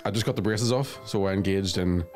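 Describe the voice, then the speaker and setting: A young man with a Northern Irish accent spins filthy anecdotes into a podcast mic, dropping deadpan punchlines in a fairly low voice. Faint music hums underneath him. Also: a little fast. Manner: bawdy, self-mocking, deadpan punchlines. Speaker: comedian guest. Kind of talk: casual podcast chat, crude storytelling.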